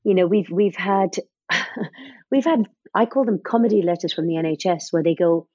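A woman in her forties talks openly as an interview guest, acting out what others told her as she recounts her family's story. Her voice sits low, husky and mellow. The recording is dry and dull, like lo-fi sound. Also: moderate pace, dry recording. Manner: candid, retells scenes by quoting others. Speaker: guest, parent of a child with type 1 diabetes. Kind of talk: emotional personal storytelling.

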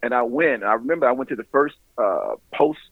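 A man from Baltimore, a comedian and pastor, telling stories in a casual interview with quick, animated delivery. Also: medium pitch, creaky, husky, no echo, phone-quality sound. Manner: animated, quick storytelling with impressions.

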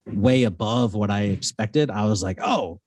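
A man's voice: on the low side, moderate pace, no room sound, recorded from a distance. A man in his thirties chatting casually as a podcast guest, telling stories with lots of acted-out quotes. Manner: animated storyteller, acts out quotes. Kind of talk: casual chat.

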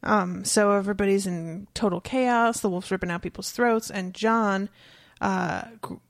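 A chatty woman recapping a story in casual conversation, her voice carrying a gravelly fry. She laughs easily and acts out quoted lines, in a dry, close recording. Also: mid-range voice, normal speed, no room sound. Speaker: podcast co-host discussing a book.

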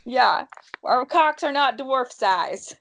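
Animated woman recapping a show. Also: sits high, takes it slowly. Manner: animated, laughing, acts out characters' lines. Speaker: podcast co-host recapping a TV episode. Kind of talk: casual chat.

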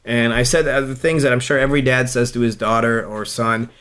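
A man's voice: mid-range voice, steady tone, a little fast, hardly any pauses, fairly bright tone, clear, resonant tone. A man in his thirties co-hosting a podcast, talking in a rambling, emotional way with many restarts. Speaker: radio host, podcast co-host. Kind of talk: casual podcast chat.

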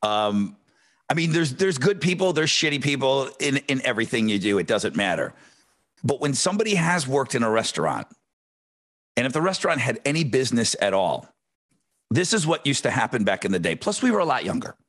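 A man's voice: mid-range voice, fairly quick. A man chatting casually as a podcast co-host, telling stories animatedly and swearing freely. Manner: animated storyteller, mimics yelling relatives.

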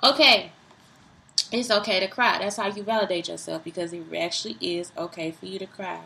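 A woman's voice: medium pitch, steady tone, a little fast, vocal fry, bright, forceful tone, rough recording. A woman vlogging, giving casual self-help talk straight to her viewers, rambling and repeating herself.

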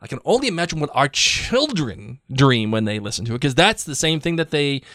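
A man's voice: medium pitch, a little fast, no room sound, clean studio sound. A man co-hosting a podcast, chatting casually, reading listener emails aloud and joking often. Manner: joking, animated, laughs often. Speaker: podcast co-host.

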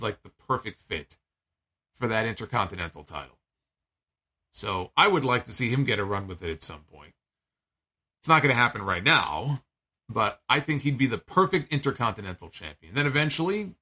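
Guy doing a casual wrestling recap, bright forceful voice, rambles off on tangents. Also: mid-range voice, sing-song, normal speed. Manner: chatty, digressive, acts out quoted lines.

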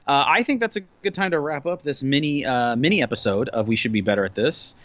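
A man's voice: medium pitch, expressive, fast, a bit bright, no echo. Rambling joking podcast host, a man. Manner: rambling, filler-heavy, joking. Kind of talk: casual chat. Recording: dry, slightly dull lo-fi sound.

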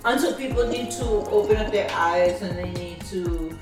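A woman co-hosting a casual podcast chat, telling animated stories, laughing often and swearing freely. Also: lowish voice, normal speed. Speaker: podcast co-host. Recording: echoey distant mic with background music.

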